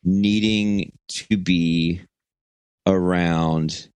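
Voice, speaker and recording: Rambling low-voiced man telling a story. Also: fairly even intonation, drawn-out words, a little mellow, clean tone, no room sound. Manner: rambling storytelling with many fillers and acted quotes. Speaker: podcast co-host. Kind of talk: casual comedic chat.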